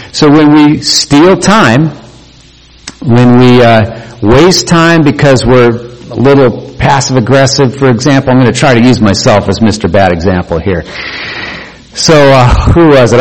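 A man's voice: mid-range voice, poor audio. A male pastor preaching a conversational sermon, mixing jokes, stories and acted-out quotes. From Oregon.

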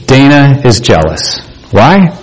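A man's voice: medium pitch, sing-song, slow, rough recording. A male pastor preaching a conversational sermon, mixing jokes, stories and acted-out quotes. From Oregon.

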